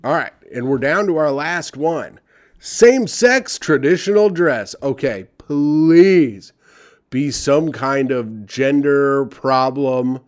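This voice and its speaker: A man's voice: medium pitch, lively intonation, slow pace. A young man reading advice letters aloud and ranting about them with sarcastic, profane commentary. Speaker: comedy podcast host reading advice columns.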